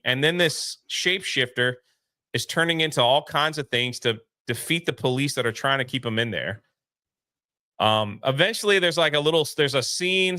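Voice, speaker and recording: A man's voice: medium pitch, sharp tone, no echo, clean studio sound. A man co-hosting a casual live movie review, recapping the plot scene by scene and acting out the characters' lines.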